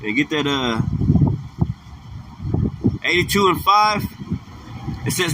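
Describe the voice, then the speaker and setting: A man's voice: extremely high pitch, sing-song, unhurried, long pauses. A man preaching outdoors on a livestream, emphatic and repetitive, in slangy casual talk that keeps ending with "man". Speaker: street preacher. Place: outdoors on a street with passing traffic. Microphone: phone or camera livestream mic. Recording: street traffic noise behind the voice.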